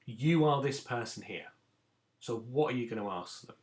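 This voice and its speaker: A man's voice: medium pitch, normal speed. A man, a teacher giving a recorded lesson to children and explaining each step patiently. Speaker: primary school teacher.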